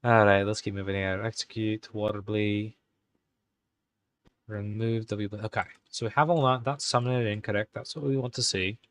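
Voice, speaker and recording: A man hosting a live stream, talking casually and halting as he types commands. He mutters to himself and corrects himself, all in an exaggerated put-on Irish accent. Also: lowish voice, steady tone, fairly bright tone. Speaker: live-stream host coding game commands. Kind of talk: casual live-stream commentary while typing.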